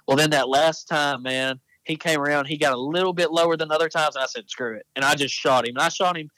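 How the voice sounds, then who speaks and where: A man's voice: a little high, steady tone, fast, bright, forceful tone, dry recording, low-quality recording. A man telling hunting stories in casual podcast chat, rambling and correcting himself as he goes. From Texas. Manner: rambling, self-correcting storyteller. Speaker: podcast guest, apparel company founder.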